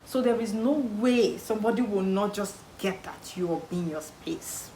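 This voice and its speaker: A woman's voice: medium pitch, moderate pace. A young Nigerian woman with a Nigerian accent, giving casual advice to camera and acting out what relatives say with emphatic repetition. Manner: animated, acts out quoted relatives, emphatic repetition. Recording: echoey room with faint background noise.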